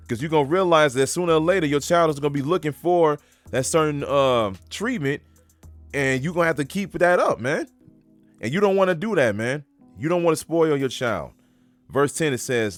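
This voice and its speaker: A man's voice: mid-range voice, lively intonation, moderate pace, no room sound, faint music behind. A man preaching casually while reading scripture aloud. He is emphatic, uses street-talk phrasing and keeps saying "man.".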